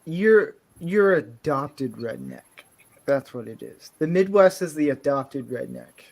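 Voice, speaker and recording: A man's voice: fairly high pitch, sing-song, slow, vocal fry. Rambling, joking man on a casual stream. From southern Florida. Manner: rambling, joking, self-interrupting. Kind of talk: casual chat. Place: California home.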